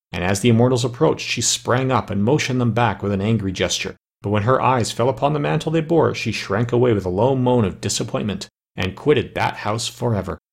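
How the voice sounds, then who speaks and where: A man reading a fairy tale aloud in a measured, even storytelling manner. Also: mid-range voice, vocal fry, husky. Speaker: audiobook narrator.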